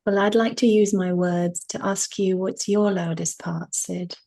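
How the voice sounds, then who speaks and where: Woman on a video call, slow and gravelly with a breathy edge, affectionate and playful. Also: medium pitch, steady tone, dark tone. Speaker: group participant.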